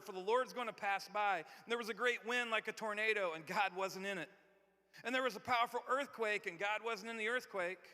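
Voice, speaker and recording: A man preaching a sermon in a large church. He talks conversationally and swings from loud, emphatic lines to hushed, near-whispered ones. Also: high-pitched. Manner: conversational, repeats and restarts words. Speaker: pastor. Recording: long hall reverb.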